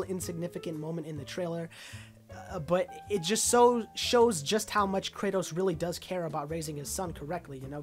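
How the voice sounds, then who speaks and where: A woman with a lowish voice gives casual, excited commentary on a video game trailer. She rambles, filling her speech with lots of "uh" and "like."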